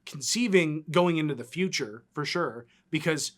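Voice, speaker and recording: A man co-hosting a podcast in casual chat, animated and rambling, filling his talk with "like" and "right?". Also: fairly high pitch, normal speed. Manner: animated, rambling, lots of 'like' and 'right?'. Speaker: co-host.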